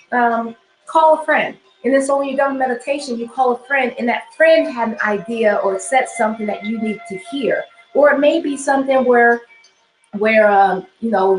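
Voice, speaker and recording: A woman's voice: a little high, echoey room, rough recording. A woman spiritual teacher giving an instructional talk, often repeating phrases and checking in with "okay?".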